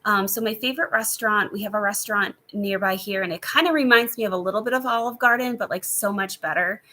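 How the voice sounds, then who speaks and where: A chatty woman in her thirties answers viewer questions from home in a rambling, easygoing way. Her voice is bright and forward, picked up by a laptop, with a faint hum behind her. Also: medium pitch, fast, rough recording. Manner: chatty and rambling, many fillers and laughs. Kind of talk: casual live chat.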